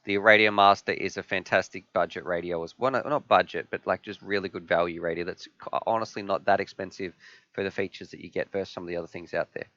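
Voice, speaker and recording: Australian man, live stream host, lowish smooth voice, dry slightly muffled audio, casual q&a. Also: steady tone, fast talker, bright, forceful tone, no echo. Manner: upbeat, reads viewer questions aloud and answers them.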